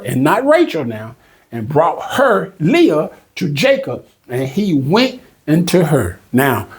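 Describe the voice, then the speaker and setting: Male Bible teacher, slightly high voice, casual and emphatic, slow over the verses. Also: a little mellow, slightly rough. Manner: emphatic and conversational, reads scripture slowly. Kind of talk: casual Bible study commentary.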